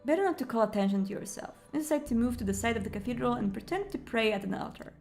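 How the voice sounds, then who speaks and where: A woman's voice: fairly high pitch, expressive, racing, creaky, darkish tone, faint music behind. A woman hosting a let's play, reading a visual novel aloud and chatting about its lore between passages.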